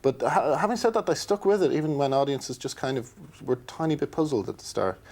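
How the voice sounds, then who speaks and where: A man's voice: mid-range voice, lively intonation, fairly quick, a little mellow. A man, a comedy writer, recalling anecdotes with amusement in a documentary interview.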